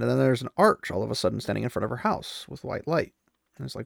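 A man's voice: medium pitch, fast, gravelly, dry recording, clean studio sound. A man casually retelling a fantasy novel, rambling and slipping into the characters' voices, with opinionated asides. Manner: rambling, acts out the characters' quotes loosely. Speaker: book recapper.

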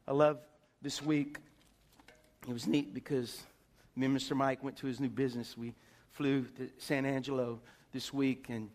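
A man preaching a sermon, telling stories excitedly and swinging from soft talk to shouts. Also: mid-range voice. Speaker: pastor.

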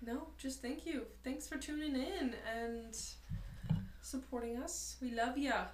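A woman's voice: high-pitched, unhurried. A young woman co-hosting a podcast, chatting casually with lots of fillers and trailing sentences. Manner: relaxed, filler-heavy, trailing off. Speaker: podcast co-host. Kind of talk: casual chat. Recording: echoey room with faint noise.

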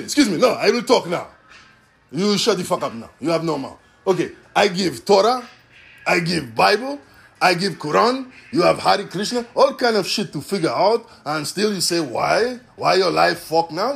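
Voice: a man doing a blunt Russian-accented God. Pitch: high. Range: lively. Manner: clipped and scolding. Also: normal speed, creaky, exaggerated voice. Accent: put-on Russian. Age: 40s. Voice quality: clipped broken English, cuts to the point.

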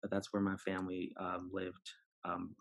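A man from New York City, a podcast guest, telling a personal story in an animated way and acting out the dialogue. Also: sits low, normal speed, creaky, a little hiss or hum. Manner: animated, acts out dialogue, laughs while telling.

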